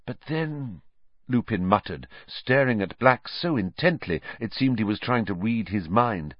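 A man reading a novel aloud as narrator in an expressive, measured way. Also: lowish voice, no echo, lo-fi sound. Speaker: audiobook narrator. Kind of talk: scripted narration.

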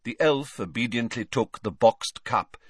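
A man reading a story aloud as narrator, clear and unhurried. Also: medium pitch, no room sound, studio quality. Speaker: audiobook narrator. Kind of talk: scripted narration.

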